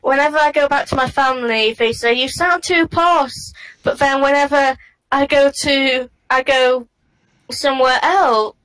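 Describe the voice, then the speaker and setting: A woman from England with a softened Northern English accent, co-hosting a podcast and telling self-deprecating stories with a giggle. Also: sits high, fairly even intonation, normal speed, poor audio. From England, near Sheffield. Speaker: podcast co-host. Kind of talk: casual podcast chat.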